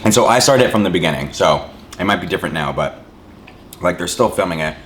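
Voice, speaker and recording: A man's voice: low-pitched, animated, quick pace, a bit bright, slight background noise. A man casually chatting to his viewers while eating, rambling and saying "like" a lot, humming between bites. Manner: rambling, says "like" a lot, chews and hums between lines. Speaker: mukbang vlogger.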